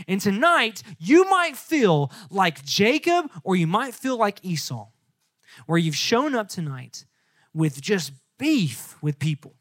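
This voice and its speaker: Young male youth pastor, high voice, dry close sound, animated storytelling sermon. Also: dry recording. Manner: lively storytelling, acts out characters in casual slang.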